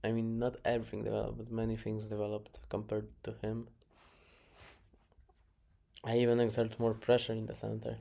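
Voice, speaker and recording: A man's voice: on the low side, completely flat delivery, moderate pace, long pauses, warm tone. A man casually reviewing his own chess games, muttering moves, correcting himself and chuckling along the way. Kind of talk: casual game review commentary. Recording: clear background noise.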